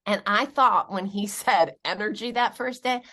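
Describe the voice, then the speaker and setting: A woman in her forties from upstate New York, telling stories in an interview and jumping high and loud when she gets excited. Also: moderate pace. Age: 40s. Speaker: guest. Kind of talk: animated interview storytelling.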